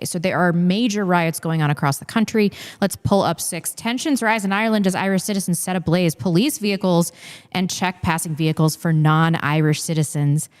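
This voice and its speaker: A woman hosting a casual political talk show, animated and full of fillers. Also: deep voice, clear, resonant tone, big-room sound. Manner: animated, laughs often, many fillers. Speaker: podcast host.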